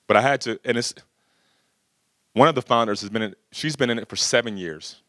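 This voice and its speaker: In a medium-pitched, fairly bright voice, a middle-aged man talks a little fast while telling a workshop audience casual stories, frequently adding "you know" and "right?" The sound is clean studio quality with no echo.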